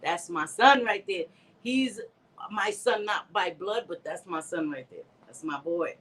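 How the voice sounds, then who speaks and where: A woman's voice: on the low side, a little slow, a bit bright, low-quality recording. A middle-aged woman hosting a casual livestream from home on a close phone mic, laughing often, reading comments aloud and dropping in Spanish words. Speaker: livestream host.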